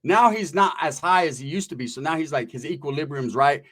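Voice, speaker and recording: A man from California telling a story in casual chat, with rapid, profane, animated street slang. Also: on the high side.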